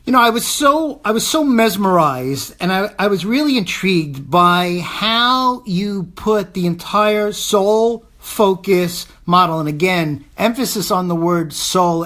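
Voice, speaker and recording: Slow-talking lady host, gushing and praising, repeats stuff for emphasis. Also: mid-range voice, a bit bright. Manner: effusive, praising, emphatic repetition. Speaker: show host. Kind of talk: interview questions.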